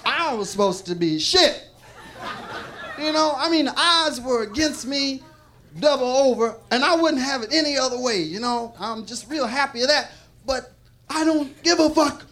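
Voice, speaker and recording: Performing before a live club audience, a man with an extremely high, animated voice and fairly bright tone delivers rambling, profane stand-up at normal speed. He frequently laughs and restarts his sentences, and crowd noise fills the live recording.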